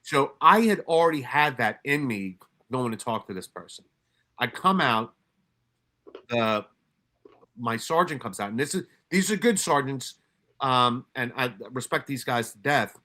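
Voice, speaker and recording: Ex-detective, middle-aged man, candid and profane, sharp-edged bright tone, workshop storyteller. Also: medium pitch, expressive, unhurried. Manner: blunt, profane, emphatic, frequent restarts. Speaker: former homicide detective speaking at a workshop.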